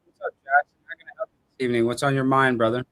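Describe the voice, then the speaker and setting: A man's voice: medium pitch, racing. A man hosting a late-night call-in live stream, ranting sarcastically and thinking aloud as he takes callers. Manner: animated, sarcastic ranting, thinking aloud while searching online. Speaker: call-in show host. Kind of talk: casual live-stream talk.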